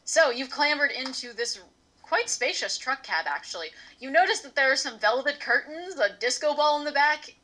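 A woman narrates a tabletop game as its game master, her voice bright and a little high. She keeps it playful and loose and swears now and then. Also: animated, moderate pace.

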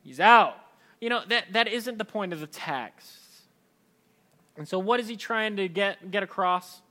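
A man in his thirties delivers a sermon in a relaxed, conversational way, as if chatting with his congregation. His voice sits high for a man and rings bright and forward. He keeps things lively by acting out the voices of the people he quotes. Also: unhurried. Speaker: pastor.

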